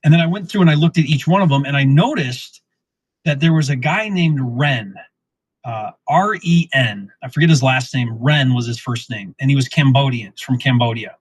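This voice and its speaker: A middle-aged man telling a real estate story in casual lesson form, acting out the dialogue with lively restarts. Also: medium pitch, moderate pace, slightly rough, rough recording. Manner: animated, acts out quoted dialogue, frequent restarts. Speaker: real estate investor teaching wholesaling.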